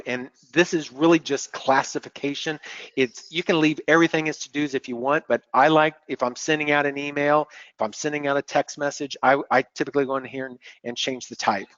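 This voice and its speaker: A man presenting a software demo on a screen-share webinar, explaining step by step in a relaxed way and often repeating words as he clicks. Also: a little high, dry recording. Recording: dull lo-fi webinar audio.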